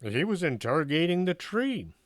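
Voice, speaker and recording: A man's voice: fairly high pitch, sing-song, normal speed, no room sound, pitched above the performer's own voice. A man voicing a nervous, reluctant man who protests in a whiny way, in a storybook reading. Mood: explaining.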